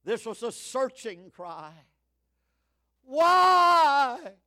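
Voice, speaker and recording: A man in his seventies preaching a fiery sermon, swinging from shouts to hushed tones. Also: high-pitched, animated, slow. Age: 70s.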